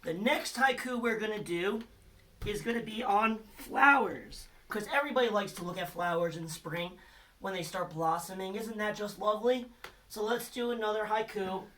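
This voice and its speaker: A man's voice: high-pitched, normal speed, sharp tone. A man giving a recorded lesson to children, patient and encouraging, quizzing them with letter hints. His voice sounds a little far from the microphone. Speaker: teacher.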